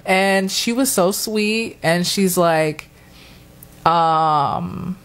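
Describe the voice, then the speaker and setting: Woman, low voice, casual storyteller who acts out other people's lines; unhurried chat. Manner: animated storyteller, acts out quotes with high squeals and laughs.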